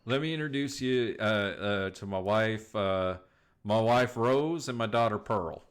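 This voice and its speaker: A man voicing a hard-up older frontier rancher who speaks with a folksy, halting drawl. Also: lowish voice, clear, resonant tone, lightly acted. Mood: weary.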